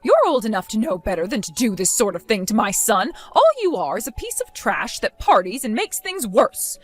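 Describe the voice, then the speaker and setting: A spiteful, domineering older mother-in-law, voiced by a woman, hurling insults and accusations. Her voice sits fairly high and swings widely in pitch. She talks down to everyone with open contempt. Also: big pitch swings, moderate pace, faint music behind. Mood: scornful.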